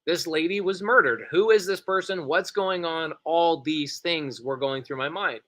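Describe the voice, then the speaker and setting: A middle-aged man telling a story in an excitable, animated way, with quick bursts and repeated phrases. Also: on the high side. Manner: excitable, rapid and repetitive. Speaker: podcast co-host.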